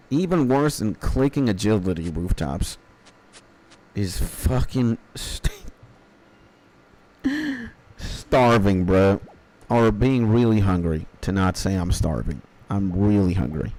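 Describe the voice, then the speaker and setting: A man's voice: lowish voice, very animated, takes it slowly, pauses often, warm tone. Rambling, foul-mouthed man in his thirties. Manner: rambling, profane, mock-philosophical. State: hungry after an early start. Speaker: streamer. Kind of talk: casual chat while gaming.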